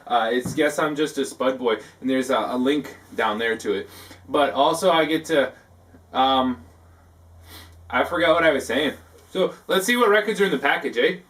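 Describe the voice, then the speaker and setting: A man hosting a comic talk segment, rambling and halting, filling his talk with "like" and tacking on "eh". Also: medium pitch, a bit bright, far from the mic. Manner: halting, full of "like" and tacked-on "eh". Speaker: host of a parody talk segment.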